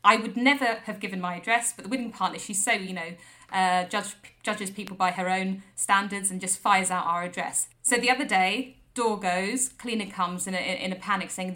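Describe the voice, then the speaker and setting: A woman's voice: mid-range voice, moderate pace. Rambling woman telling stories. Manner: animated, rambling anecdote with voiced quotes. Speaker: podcast co-host. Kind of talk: comic storytelling chat.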